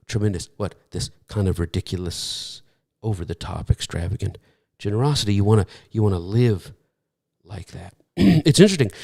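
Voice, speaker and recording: A man's voice: mid-range voice, darkish tone. A man preaching a sermon, telling stories with fillers and restarts and acting out the voices of people he quotes. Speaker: pastor.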